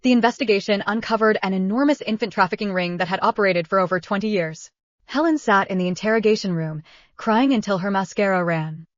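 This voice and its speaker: A woman telling a scripted first-person drama in a steady, even voice at an ordinary pitch. The recording is dull and a bit lo-fi, and the room is dry with no echo. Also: fast. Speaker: story narrator.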